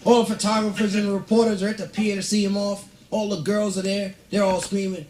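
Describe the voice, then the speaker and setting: A man doing stand-up comedy, telling a story with playful, deadpan asides and drawn-out punchlines. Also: sits high, noisy background. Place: stage before a live audience. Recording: roomy live stage recording, audience laughter.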